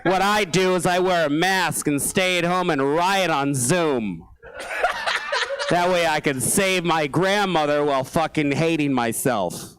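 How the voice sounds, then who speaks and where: A man's voice: on the high side, fairly bright tone, clean tone, rough recording. A man doing a stand-up set on a small theatre stage, ranting angrily, swearing a lot and laughing at his own jokes. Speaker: stand-up comedian.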